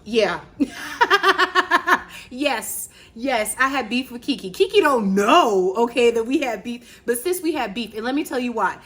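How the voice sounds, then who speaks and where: A woman in her thirties from Virginia, hosting a podcast in animated, casual, chatty storytelling. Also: on the high side, measured pace. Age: 30s. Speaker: podcast host. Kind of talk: casual chat.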